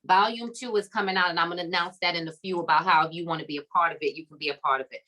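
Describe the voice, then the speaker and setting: Bright emphatic woman hosting a summit. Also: on the low side, fairly even intonation, rapid-fire, rough recording. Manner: emphatic, preacher-like, repeating phrases with "come on" and "okay". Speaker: summit host. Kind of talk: encouraging faith-based talk to a live online audience.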